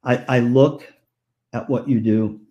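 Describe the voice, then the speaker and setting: An older man giving a keynote to music teachers, telling lively anecdotes and acting out the voices of people in them. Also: medium pitch, slow, muffled recording. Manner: animated, acts out voices in anecdotes. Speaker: keynote speaker. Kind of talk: storytelling keynote. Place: virtual conference talk.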